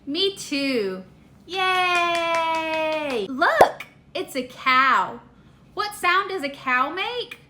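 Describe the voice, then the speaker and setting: A young woman speaks to a small child in a high, sparkling voice. Every word is stretched out very slowly and cheerfully. She sounds like a doting aunt coaxing a toddler to copy her. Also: very animated, sharp tone, a little hiss or hum. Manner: slow, exaggerated and cheerful, with gasps of delight. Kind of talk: sing-song talk to a small child.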